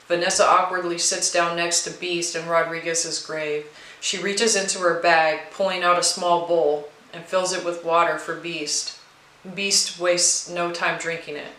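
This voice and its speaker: A woman narrating a horror storybook with a steady, expressive reading. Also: lowish voice, measured pace, echoey room, rough recording. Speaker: narrator and co-writer.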